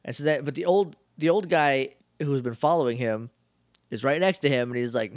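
A man's voice: medium pitch, moderate pace, dry recording, clean studio sound. A man co-hosting a casual chat, recapping a TV episode and acting out characters' lines. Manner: jokey, acts out characters mid-recap. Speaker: podcast co-host.

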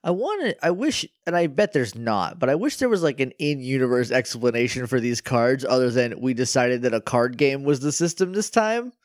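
A man's voice: mid-range voice, lively intonation, normal speed, hardly any pauses, no room sound, studio quality. A young man co-hosting a podcast, wry and sarcastic, swearing freely in casual chat. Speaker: podcast co-host.

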